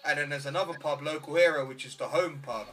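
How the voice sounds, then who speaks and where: A man's voice: a little high, brisk. A man guesting on a podcast, chatting casually with plenty of swearing. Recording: bright voice far from the mic, faint music.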